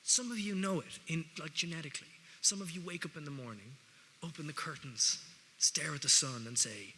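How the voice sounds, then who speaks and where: A man's voice: on the high side, brisk, pushed and bright. A man with an Irish accent giving a speech to students, wry and conversational with jokey asides, in a large hall. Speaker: guest speaker. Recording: reverberant hall, faint noise.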